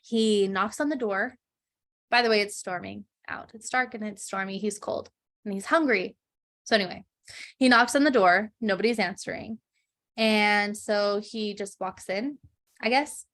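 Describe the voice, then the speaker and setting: A woman co-hosting a podcast, retelling a fairytale in an animated, chatty way with giggles. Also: mid-range voice, a little slow. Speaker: podcast co-host. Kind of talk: casual storytelling chat.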